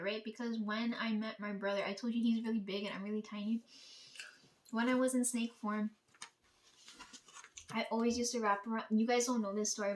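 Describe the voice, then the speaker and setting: A woman telling a casual, rambling story to her viewers, swearing freely and filling her talk with "like" and "right?". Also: on the high side. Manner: profane, rambling, peppered with "like" and "right?". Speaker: vlogger.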